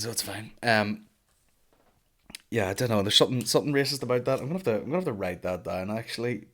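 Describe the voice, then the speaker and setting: A man, a stand-up comedian hosting his own podcast, rambling in a loose, profane, jokey monologue. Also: fast. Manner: jumps into loud high mock voices for bits.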